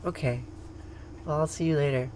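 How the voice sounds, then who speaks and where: A woman with an English accent hosting a spiritual livestream, talking casually and softly between chants, often chuckling. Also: low-pitched, steady tone, a little hiss or hum. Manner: unhurried, soft-spoken, chuckles between remarks. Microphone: home livestream setup.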